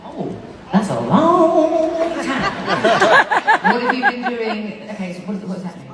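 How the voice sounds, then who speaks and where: A woman's voice: a little high, huge pitch swings, takes it slowly. A British woman bantering on stage with a concert audience, joking and laughing at herself. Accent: British English. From Britain. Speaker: singer addressing a concert audience. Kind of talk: casual stage banter with the crowd. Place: large live concert venue. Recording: echoey live venue, distant mic, loud crowd noise.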